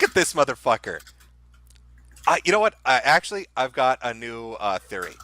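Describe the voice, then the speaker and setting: A male commentary host picks apart social media posts with mocking, foul-mouthed sarcasm. His pitch swings widely as he talks, and his tone is bright and cutting. The sound is dry and close. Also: sing-song, moderate pace, no room sound.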